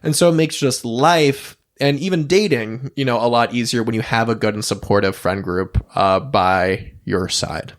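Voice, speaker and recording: A young man talking as a podcast guest in casual interview chat, blunt and emphatic, swearing freely with lively asides. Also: mid-range voice, normal speed, few pauses.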